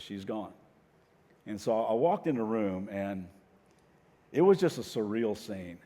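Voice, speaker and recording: A middle-aged man preaching as a teaching pastor. He tells stories softly and earnestly, restarting phrases, and rises to loud rallying calls. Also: fairly low pitch. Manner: soft-spoken storytelling that swells into loud rallying calls. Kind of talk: sermon. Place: church auditorium. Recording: long reverb of a large hall.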